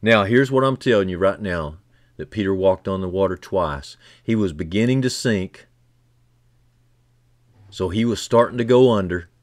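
A man preaching a sermon who builds from quiet, low passages to loud, fervent climaxes and repeats key phrases for emphasis. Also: moderate pace, dry recording, clean studio sound.

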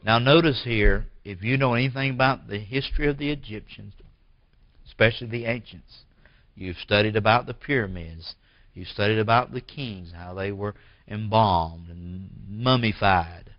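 A pastor delivers a sermon in church with a low, deep voice at a moderate pace, swelling into forceful, emphatic bursts before sinking to hushed lines. The audio is dry and dull with a lo-fi edge and no room sound.

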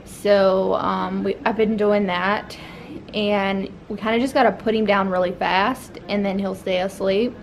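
A woman's voice: medium pitch, steady tone, measured pace, gravelly, a little hiss or hum. A young woman, a new mother, chatting casually to her vlog camera, rambling with many fillers.

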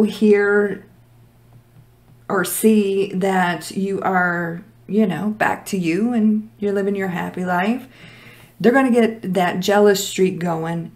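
Hoarse, blunt woman reading tarot. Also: mid-range voice, darkish tone. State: losing her voice. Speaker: tarot reader. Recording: echoey room.

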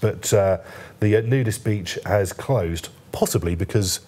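Speaking a little slowly in a darkish, lowish voice, a male journalist joins a TV newspaper review as a guest. His studio discussion is hesitant, with frequent fillers and restarts, and carries a lightly humorous tone.

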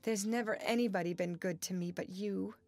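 A woman's voice: medium pitch, fairly even intonation, fairly quick, a little mellow, natural voice. Mattie, a woman reading a shy young woman. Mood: tender. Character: shy, tender young woman, gentle and sad.

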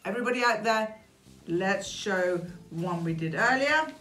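A woman's voice: medium pitch, lively intonation, unhurried, a bit bright. A woman hosting a children's craft show in a playful, sing-song way, chatting with a puppet as she works. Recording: roomy echo with faint music.

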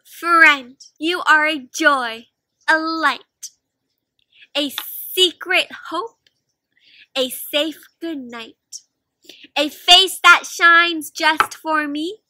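A woman's voice: sits high, drawn-out words, sharp tone, no room sound, exaggerated voice. A woman reading as a shy, tender little mouse.

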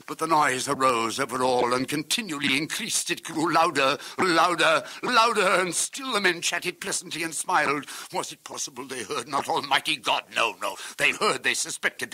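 A man performs a dramatic literary reading in a bright, forceful voice. His diction is crisp and precise with a rolling rhythm. He swings between hushed murmurs and loud, declaiming passages. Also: on the high side, normal speed. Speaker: reader of classic verse and tales.

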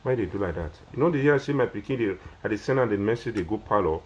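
A young man with a Nigerian Pidgin English accent speaks in a slightly low voice. He rambles and repeats himself as he pleads with his viewers. He sounds like someone talking casually on a live phone video. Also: animated, fast talker, lo-fi sound. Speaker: social media personality.

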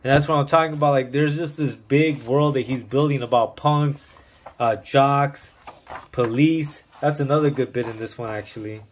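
A man's voice: medium pitch, fairly even intonation, normal speed. Slangy, swearing man reviewing comics. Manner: enthusiastic, slangy and profane. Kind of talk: casual video review.

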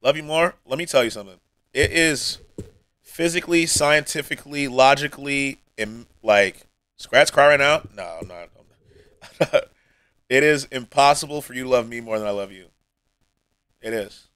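A man streaming live, talking to his viewers in a rambling, heartfelt way. He is emotional and close to tears, and his voice often sinks almost to a mumble. The sound is dry and close, and his pitch sits in a plain middle range. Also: moderate pace, a bit bright, clean tone, no room sound, low-quality recording. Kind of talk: emotional livestream chat. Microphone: streaming mic.

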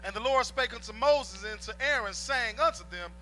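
A man reading Bible verses aloud in a steady, formal way during a church service. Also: very high-pitched, normal speed, faint music behind, low-quality recording. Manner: steady, formal reading of old-style scripture. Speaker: scripture reader.

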